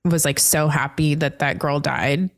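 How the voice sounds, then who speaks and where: A young woman hosting a podcast in casual chat, telling lively self-mocking stories. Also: low voice, a little slow, dry recording, clean studio sound. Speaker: podcast host.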